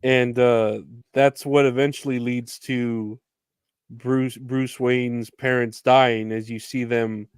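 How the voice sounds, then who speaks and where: A man's voice: medium pitch, level tone, takes it slowly, clean tone, dry recording, clean studio sound. Laid-back man chatting on a podcast. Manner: laid-back, laughs easily. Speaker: podcast co-host. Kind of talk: casual chat.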